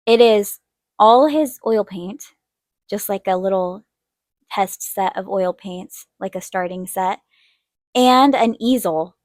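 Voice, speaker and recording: A young woman shares a personal story while she draws, chatty and lively, and she lifts her voice to act out what people said. Her pitch sits in a middle range. The sound is dry and close. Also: slow, no echo. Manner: chatty, animated, acts out quotes in a higher voice. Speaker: art channel host. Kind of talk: casual storytelling while drawing.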